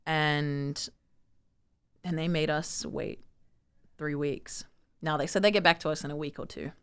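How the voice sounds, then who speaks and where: Woman, twenties, interview guest, animated storyteller, bright tense voice. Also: low-pitched, unhurried, smooth. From Sydney, Australia. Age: 20s. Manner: animated, acts out quotes, many fillers.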